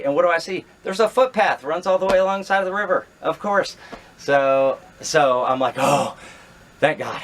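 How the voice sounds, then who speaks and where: A middle-aged man with a mid-range voice recounts a true story to the camera. He's animated, acting out his own thoughts, and his speech is full of fillers and restarts.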